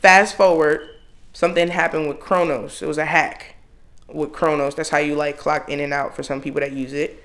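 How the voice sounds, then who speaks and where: A man in his thirties telling a long work story in casual, profane chat, jumping loudly into exclaimed quotes. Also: on the high side, little pitch movement, normal speed. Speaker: podcast co-host.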